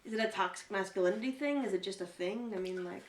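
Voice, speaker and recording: A woman's voice: medium pitch, fast talker, recorded from a distance. Chatty podcast co-host, woman, sits back from the mic in an echoey room. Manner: chatty, swearing, animated retellings. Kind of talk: casual chat.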